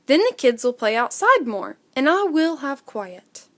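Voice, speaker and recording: A woman's voice: high-pitched, big pitch swings, measured pace. A woman doing a patient father owl. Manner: gentle, patient storybook father.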